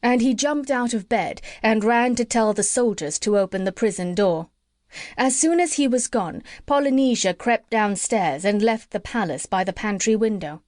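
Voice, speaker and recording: A woman narrating a classic children's storybook in a gentle, measured way. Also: fairly high pitch, dry recording, clean studio sound. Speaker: audiobook narrator.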